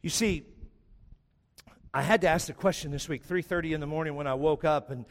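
A man preaching a sermon, retelling a story dramatically, swinging from loud to hushed. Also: on the high side, fairly quick, big-room sound. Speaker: pastor.

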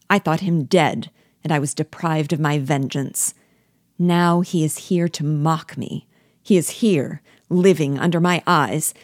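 A woman reading aloud, voicing an enraged young male captive who shouts furious outbursts in a low, dry voice. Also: no echo.

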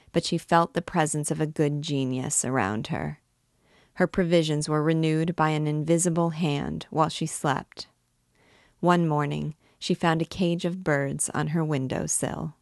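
A woman with a low voice reads a classic novel aloud, taking her time over every phrase. Her delivery is measured and even, recorded dry and close to the mic with no room sound. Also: dry recording. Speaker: reader and guide of a book series. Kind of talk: literary read-aloud narration.

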